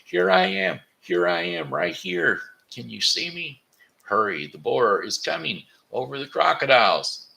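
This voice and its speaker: A man's voice: expressive, slow, creaky, few pauses, full character voice. A man voicing a frightened young dragon who pleads to be rescued, reading a storybook aloud. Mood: pleading. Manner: high, shouting and begging.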